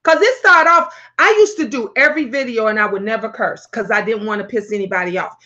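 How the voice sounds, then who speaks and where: A woman hosting her own talk vlog, telling stories in a brash, profane, animated way. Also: a little high, brisk, dull audio. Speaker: talk show host.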